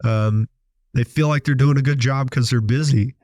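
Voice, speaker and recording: A man's voice: mid-range voice, normal speed, no room sound. Man telling stories in a dry studio. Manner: storytelling, animated quoted voices. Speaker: podcast host, business owner. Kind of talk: casual monologue.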